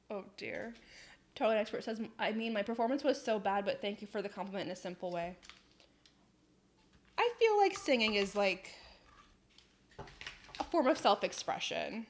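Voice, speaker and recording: A woman's voice: mid-range voice, moderate pace, long pauses. A young woman chatting casually on a live stream, reading out chat messages, laughing often and swearing in passing.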